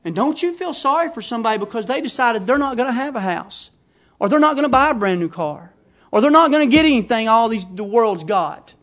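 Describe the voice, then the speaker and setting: A middle-aged man preaching a sermon in a folksy, emphatic way that rises to fervent shouting. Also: very high voice, expressive, fairly quick.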